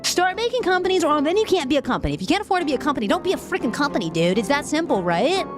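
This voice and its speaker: A woman's voice: sits high, very animated, very fast, over music. A woman streamer reading news aloud, reacting emotionally and chatting with viewers in a casual live-stream. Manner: emotional, frequently laughing and venting; reads articles aloud with asides.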